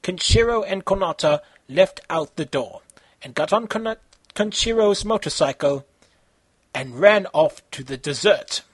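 A man reading his own fan fiction aloud in an amateur, halting way, with slips and self-corrections. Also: high voice, expressive, breathy edge, no echo.

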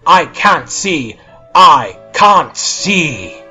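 A man voicing a panicky teenage boy with psychic powers, frantic and shouting. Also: sits high, huge pitch swings, unhurried, slightly rough, voice pushed up, full character voice. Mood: panicked. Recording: dull lo-fi podcast audio with faint music.

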